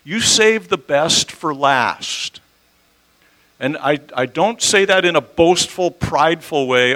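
A man's voice: fairly high pitch, lively intonation, takes it slowly, bright, forceful tone, poor audio. A man preaching a conversational teaching sermon, using homely examples and correcting himself as he goes.

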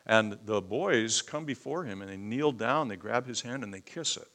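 A man's voice: fairly low pitch, animated, moderate pace, fairly bright tone. A man preaching a conversational sermon, teaching from scripture with sudden emphatic outbursts.

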